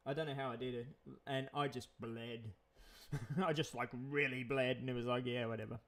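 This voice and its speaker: A man's voice: mid-range voice, fairly even intonation, normal speed, fairly bright tone. A man, chatting in a rambling vlog monologue, repeating himself and chuckling often. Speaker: vlogger.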